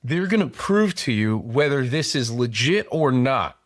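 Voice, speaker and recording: A man's voice: mid-range voice, very animated, measured pace, dry recording. Chatty man in a dry room. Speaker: podcast host. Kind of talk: conversational podcast interview.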